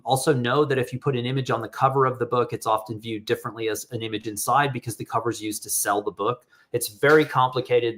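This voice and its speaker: A man's voice: medium pitch, fairly bright tone. A middle-aged man talking casually and candidly on a live stream, reading out audience questions and giving feedback on photos. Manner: candid, rambling, reads audience questions aloud. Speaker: photographer hosting live critique.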